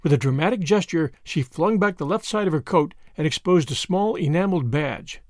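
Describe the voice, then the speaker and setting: Expressive male audiobook narrator. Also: on the high side, fairly quick, no room sound, clean studio sound. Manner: expressive storytelling. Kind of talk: scripted narration.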